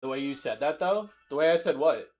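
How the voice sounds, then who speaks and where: A man's voice: a little high, lively intonation, brisk, a little mellow. Joking young man hosting a card break. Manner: loose, joking banter while calling out cards. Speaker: card-break livestream host. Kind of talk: casual live-stream chat.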